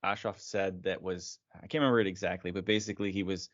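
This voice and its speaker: A man's voice: sits low, flat delivery, quick pace, few pauses, muffled recording. A man co-hosting a podcast in casual chat, talking loosely with "like" and laughing often. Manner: chatty, laughs often, hedges with "like". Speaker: podcast co-host.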